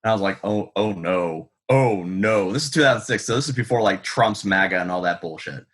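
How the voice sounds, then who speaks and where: A man's voice: on the low side, lively intonation, fairly quick, a bit bright. A man, a guest author telling stories in a rambling, profane, self-deprecating way full of ums. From United States. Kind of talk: casual storytelling in an interview.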